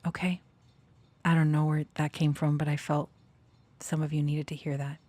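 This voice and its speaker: A woman speaking emotionally in a casual personal talk, nervous and close to tears, laughing softly between thoughts. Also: sits low, level tone, normal speed, no echo. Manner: sings and half-whispers song lyrics. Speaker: channeler and storyteller.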